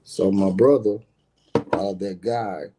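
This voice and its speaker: A man's voice: deep voice, fairly even intonation, slow pace, background noise. A middle-aged man, a guest on a live stream, telling a personal story in a casual, emphatic and profane way, often turning to speak straight to his listeners.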